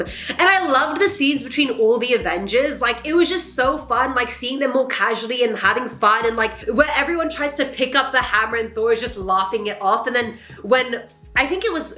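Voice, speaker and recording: Animated young woman in an echoey room. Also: fairly high pitch. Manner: animated, swears freely, acts out quotes. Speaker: vlogger reviewing films. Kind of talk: casual reaction chat.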